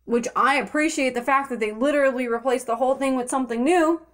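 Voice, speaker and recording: A young woman with a high-pitched voice vents in a furious vlog rant, swearing freely and talking bluntly. She sounds exasperated throughout. She records herself indoors at home on a handheld phone. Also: fast. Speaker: vlogger. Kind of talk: angry rant to camera. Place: her apartment indoors.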